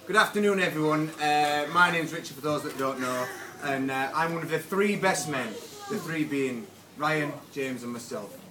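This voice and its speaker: A man's voice: a little high, moderate pace, noisy background. A young man giving a best man speech at a wedding, joking and a little nervous. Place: wedding reception room with guests. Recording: roomy hall from far off, loud crowd.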